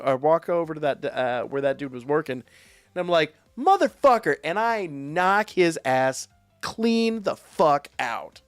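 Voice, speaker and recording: A man streaming live, telling a profane, animated story in a casual way. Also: fairly high pitch, clean tone, no room sound. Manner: profane, animated anecdote with quoted voices.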